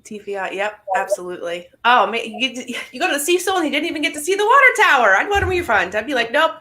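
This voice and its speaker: A woman's voice: a little high, quick pace. A woman hosting a casual interview, laughing along with her guest and asking long, winding questions with lots of fillers. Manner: relaxed, asks rambling questions with fillers. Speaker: host.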